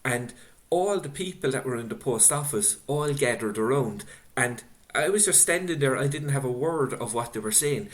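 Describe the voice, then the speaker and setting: A middle-aged man interviewing an author and reading out audience questions, speaking in an unhurried, reflective way over a video call. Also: medium pitch, lively intonation. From Ireland. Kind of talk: casual book-event conversation.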